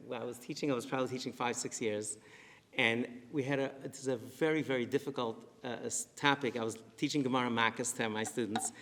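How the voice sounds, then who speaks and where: Animated middle-aged man telling stories in a hall. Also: mid-range voice. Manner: animated, repeats himself for emphasis. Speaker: rabbi and speaker. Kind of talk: live storytelling lecture. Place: synagogue hall with a live audience. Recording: long reverb in a synagogue hall.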